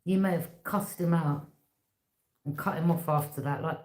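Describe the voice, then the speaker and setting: A woman reads tarot cards in a casual, blunt way, stressing her words and repeating herself as she speaks straight to the viewer. Her voice sits fairly low. The room gives back a clear echo. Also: fairly even intonation, moderate pace, a little mellow. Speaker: tarot reader. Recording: echoey room.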